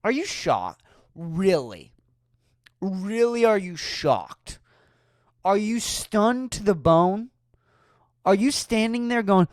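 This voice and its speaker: A woman's voice: mid-range voice, sing-song, takes it slowly, pauses often, no room sound, clean studio sound. A woman hosting a solo podcast, ranting with profane, sarcastic rhetorical questions. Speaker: podcast host.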